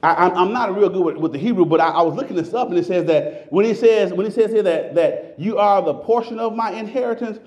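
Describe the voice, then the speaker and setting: A man preaching a sermon, stumbling over repeated words, then shouting and stretching out scripture lines. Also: sits high, quick pace, hardly any pauses, lo-fi sound. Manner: animated, shouting scripture with repetitions.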